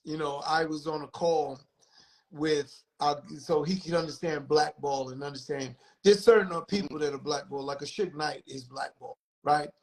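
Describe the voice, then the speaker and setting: Profane, animated high-voiced man. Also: normal speed, low-quality recording. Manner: profane, animated, acts out other people's lines. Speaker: music industry guest. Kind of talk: candid storytelling on a livestream podcast.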